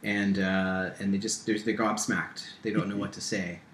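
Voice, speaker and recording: A man narrating as game master in a tabletop game, halting with many ums and restarts. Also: sits low, level tone, fairly bright tone. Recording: echoey room with faint hiss.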